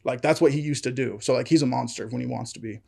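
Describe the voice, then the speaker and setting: A man's voice: medium pitch, quick pace, vocal fry, darkish tone. A man co-hosting a podcast, telling a story in casual chat, acting out quotes and laughing often. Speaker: podcast co-host.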